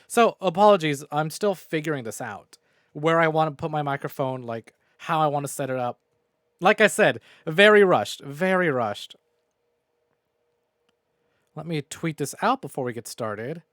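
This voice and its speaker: A man's voice: a little high, animated, moderate pace, fairly bright tone, no room sound, studio quality. A man streaming a game from home on a new microphone, rambling, swearing and mocking himself while recapping the story. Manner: profane, rambling and self-mocking. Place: home room. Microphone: new desk microphone.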